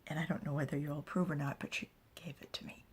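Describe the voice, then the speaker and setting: A woman's voice: sits low, fairly even intonation, fast talker, slightly rough. A woman voicing a playful young daughter of a chief, soon to marry, who teases her father. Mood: teasing. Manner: teasing, lightly cocky.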